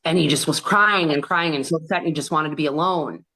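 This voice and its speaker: A woman with a low-pitched voice speaks as a guest on an interview podcast. She tells a painful personal story in an earnest, halting way, often stopping to restart. She voices other people's remarks in quoted dialogue. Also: sharp tone.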